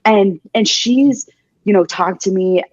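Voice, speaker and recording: A woman's voice: medium pitch, slow, no echo, muffled recording. A young adult woman, a paramedic guest on a podcast, talking bluntly and emphatically, swearing freely and repeating her points. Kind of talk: candid interview talk.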